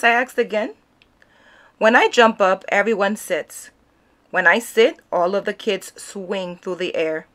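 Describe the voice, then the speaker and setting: Slow, expressive woman reading a storybook. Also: medium pitch. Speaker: read-aloud storyteller. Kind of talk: children's book read-aloud.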